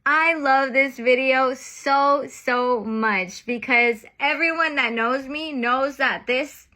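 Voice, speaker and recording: A woman's voice: sits high, slow, sharp tone. A young adult woman talking casually to camera in a reaction vlog, earnest and chatty, often stopping on filler phrases. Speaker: content creator.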